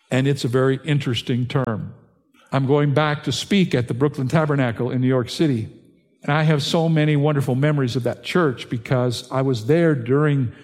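An older man, a pastor, preaching an earnest sermon that climbs in pitch and force on key points. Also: a little mellow, in a large hall.

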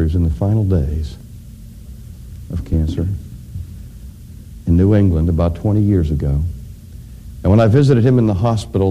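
A man preaching a sermon, addressing his congregation directly and building to loud, emphatic climaxes. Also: sits low, a little hiss or hum. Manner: addresses audience directly with questions.

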